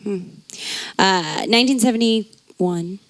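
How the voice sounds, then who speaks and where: A woman's voice: medium pitch, slow pace, no room sound. Chatty woman podcast co-host. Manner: chatty, corrects details, drifts mid-sentence. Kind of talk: casual chat.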